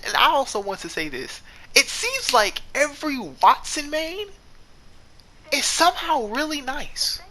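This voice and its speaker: Male gaming creator, brightish higher voice with a faint hiss behind, exasperated casual rant. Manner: rambling, self-correcting, exasperated. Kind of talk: casual gameplay commentary.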